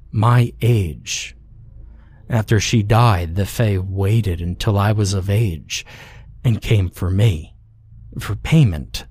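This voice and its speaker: A man narrating a scripted horror story in a measured, hushed way. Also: on the low side, breathy edge, no echo.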